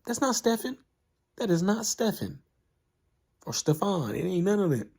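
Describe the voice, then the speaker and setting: Man doing exasperated old boxing coach, high and scoffing, slangy and incredulous. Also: big pitch swings, normal speed, vocal fry, darkish tone, husky, heavily acted. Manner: incredulous, slangy trash talk.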